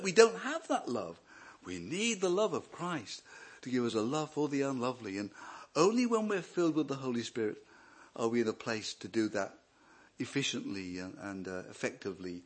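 A man's voice: mid-range voice, slightly rough. A middle-aged man preaching a sermon, joking and restarting his sentences often. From Wales. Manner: animated, joking, with many restarts.

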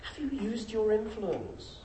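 A middle-aged man preaching a sermon, emphatic and full of rhetorical questions. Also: takes it slowly. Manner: emphatic, rhetorical questions, lively pitch swings. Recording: echoey room with faint noise.

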